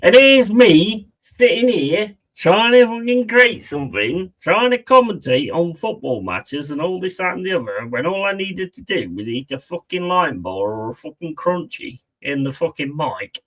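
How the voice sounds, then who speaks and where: A man's voice: a little high, big pitch swings, moderate pace, few pauses, fairly bright tone, low-quality recording. A man chatting casually on a live stream, rambling, mocking and swearing a lot.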